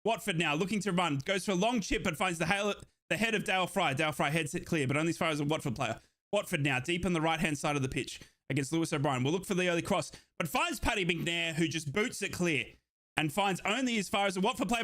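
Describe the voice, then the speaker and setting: A young man calls a football match as an overjoyed fan, shouting in bursts until he runs out of breath. His voice sits high and sounds bright and sharp. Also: a little fast. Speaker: fan watchalong streamer. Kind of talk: excited fan commentary.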